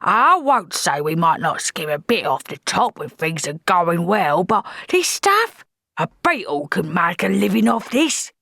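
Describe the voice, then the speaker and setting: A woman voicing a grizzled, one-legged old male quartermaster who talks gruffly and defensively, his voice jumping higher than her narration. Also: sing-song, unhurried, sharp tone, no echo, studio quality, full character voice. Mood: grumbling.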